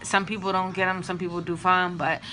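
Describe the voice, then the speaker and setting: Chatty woman with a bright voice. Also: on the low side, flat delivery, brisk, slight background noise. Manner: chatty, candid and emotional. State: drained and low on energy. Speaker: vlogger sharing IVF updates. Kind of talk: casual vlog.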